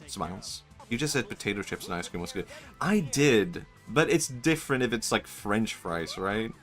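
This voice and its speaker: A man with a fairly low voice talks casually while he plays a video game, laughing often and swearing along the way. He rambles from one thought to the next into a desk mic, with soft game music underneath. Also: animated, normal speed. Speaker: streamer. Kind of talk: casual gameplay commentary.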